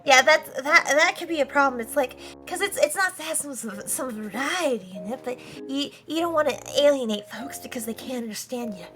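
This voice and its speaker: Fast-talking woman with a Southern accent. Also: high-pitched, animated, a bit bright, soft background music. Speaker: guest streamer. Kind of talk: casual chat.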